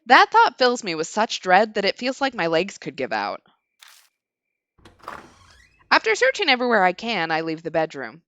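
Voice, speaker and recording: A woman reading the inner narration of an anxious young male lord trapped in a haunted mansion from a horror game, in her own lively voice. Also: mid-range voice, moderate pace, long pauses. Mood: uneasy.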